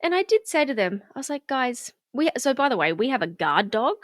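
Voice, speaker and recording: Animated woman telling a story. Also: a little high, fast talker, no room sound, studio quality. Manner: animated, acts out quotes, swears freely. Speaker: podcast co-host. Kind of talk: casual storytelling chat.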